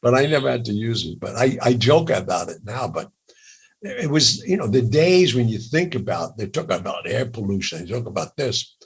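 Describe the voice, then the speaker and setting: An older man with a raspy voice, telling lively jokey stories as an interview guest. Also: mid-range voice, normal speed. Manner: animated, jokey, laughs through stories. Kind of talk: storytelling in a casual interview.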